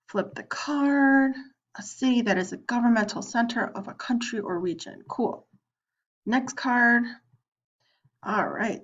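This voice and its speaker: A woman teacher with a mid-range voice walks students through an online lesson, clicking through and chatting casually. She voices their questions too, playing both student and teacher, in a screen recording with dull audio.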